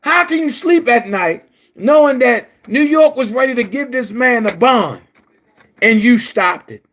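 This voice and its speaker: Slow, heated high-voiced man. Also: lively intonation, fairly bright tone. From Baltimore. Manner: confrontational, repetitive, calls listeners brother. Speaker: online commentator. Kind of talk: heated monologue to camera.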